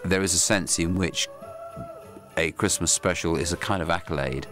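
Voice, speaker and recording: Very deep-voiced reflective man. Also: music in the background. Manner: measured, reflective. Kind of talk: interview.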